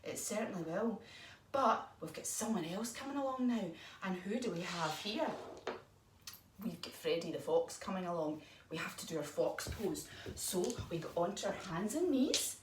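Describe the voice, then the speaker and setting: A woman leading a children's yoga story lesson in an animated, encouraging, sing-song way. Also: medium pitch. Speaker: kids yoga teacher. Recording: echoey room, mic far off, faint noise.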